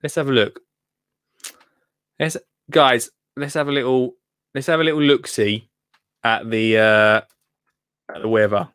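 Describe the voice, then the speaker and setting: A man's voice: medium pitch, steady tone, unhurried, long pauses, fairly bright tone, clear, resonant tone, no echo, clean studio sound. Chatty Essex man hosting a live stream. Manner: chatty, self-deprecating, rambling with many fillers. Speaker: gardening livestream host. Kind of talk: casual live-stream chat. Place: home in Essex, reading comments live.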